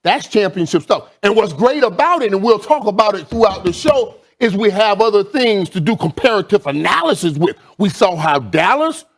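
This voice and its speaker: A man's voice: sits high, lively intonation, brisk, hardly any pauses. A man on a sports debate panel, giving confident, emphatic analysis of a football win.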